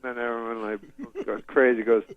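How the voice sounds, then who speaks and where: Deadpan man rambling through a story. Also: medium pitch, moderate pace. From Canada. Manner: deadpan, meandering, chuckles at his own story. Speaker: comedian guest. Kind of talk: rambling anecdote in an interview. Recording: slightly muffled lo-fi audio, dry.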